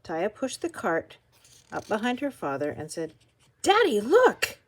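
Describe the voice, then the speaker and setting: An older woman reading a children's picture book aloud with expressive, animated storytelling. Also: on the low side, normal speed. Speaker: storybook reader.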